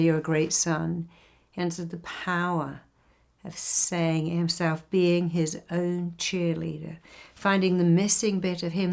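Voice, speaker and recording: An older woman speaks as a therapist in a motivational talk. Her voice sits fairly low with a gravelly, fry-tinged edge. She draws out key words and phrases to drive her point home. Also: darkish tone. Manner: emphatic, slows down on key phrases.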